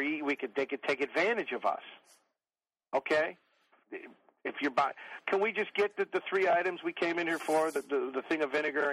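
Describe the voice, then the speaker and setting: A man's voice: a little high, a bit bright, no room sound, poor audio. Profane, rambling man. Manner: profane, rambling, comic rants. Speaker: podcast guest. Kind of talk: profane storytelling chat.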